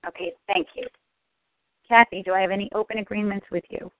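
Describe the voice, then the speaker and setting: A woman's voice: medium pitch, fairly even intonation, fairly quick, no room sound. Earnest woman on a thin phone line. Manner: earnest, some hesitant restarts. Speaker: call participant. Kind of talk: affirmations and joke on a group call. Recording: dry tinny phone line.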